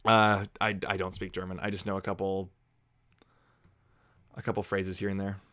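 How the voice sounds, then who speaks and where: A man's voice: deep voice, level tone, normal speed, a bit bright, no room sound. Young male reviewer, dry close sound, sarcastic casual banter. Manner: chatty, sarcastic, juvenile jokes. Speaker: movie review host. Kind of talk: casual watch-along chat.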